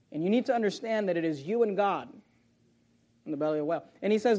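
High-voiced preaching man, dramatic swings. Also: quick pace. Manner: preaching with big swings from loud emphasis to hushed low delivery. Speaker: pastor. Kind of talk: sermon.

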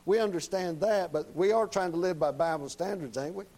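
A male preacher delivers a sermon in a folksy, down-to-earth manner. His voice sits slightly high for a man. He keeps turning to the congregation with short tag questions. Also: fairly quick, darkish tone, poor audio.

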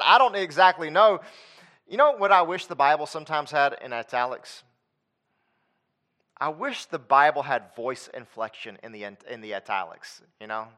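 Male pastor, higher-pitched voice; preaches with repeated emphatic lines and quieter asides. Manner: emphatic, repetitive preaching cadence. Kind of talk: sermon.

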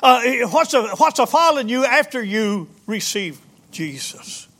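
A man preaching a folksy sermon, halting with many fillers and restarts. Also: extremely high pitch, sing-song, a bit bright. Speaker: pastor.

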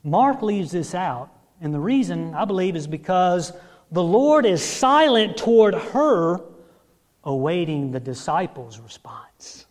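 Man preaching, high voice, acts out the bible quotes, big echoey church sound. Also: expressive, measured pace. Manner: dramatic, acts out quotes, asks congregation for amens. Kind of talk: sermon. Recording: long reverb of a large hall.

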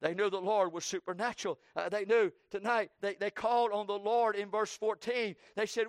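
A man preaching a sermon with fervor, swinging between loud cries and hushed tones and repeating his phrases for emphasis. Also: high voice, steady tone, normal speed, hardly any pauses, clear, resonant tone, no echo, clean studio sound.

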